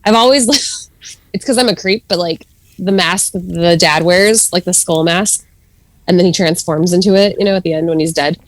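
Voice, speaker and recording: Podcast guest: talkative woman, lowish voice, dry close recording, laughs a lot. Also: moderate pace, no room sound. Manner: chatty, laughs often, many fillers. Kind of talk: casual chat.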